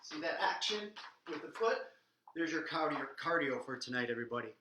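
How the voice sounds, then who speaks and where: A man's voice: a little high, animated, fairly quick, echoey room, noisy background. A man teaching a live online dance lesson, coaching and counting out beats while he dances, a little out of breath. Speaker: swing dance instructor.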